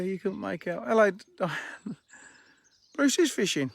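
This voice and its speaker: A man's voice: sits high, big pitch swings, takes it slowly, gravelly, long pauses. A man hosting a casual live stream outdoors by fishing lakes, joking and teasing his viewers and friends.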